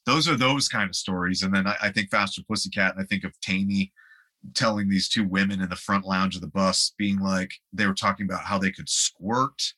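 Low-voiced man telling rambling stories. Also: bright, forceful tone. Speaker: guest musician. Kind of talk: casual anecdotal storytelling.

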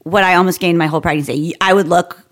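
A woman's voice: on the low side, steady tone, fast. A woman in her thirties co-hosting a casual chat podcast, blunt and jokey, swearing freely. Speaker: podcast co-host.

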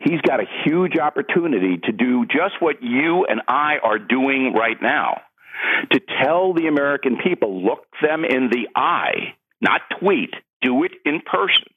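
A man's voice: mid-range voice, lively intonation, a little slow, slightly rough, narrow, tinny audio. A man who is an author and political commentator, talking as a guest in heated, emphatic commentary. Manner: emphatic, gets worked up, repeats for punch.

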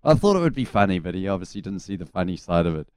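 Low-voiced New Zealand man telling anecdotes. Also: rapid-fire, a little hiss or hum. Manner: relaxed storytelling with self-deprecating humour. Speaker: radio co-host, former cricketer. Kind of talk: casual sports radio chat.

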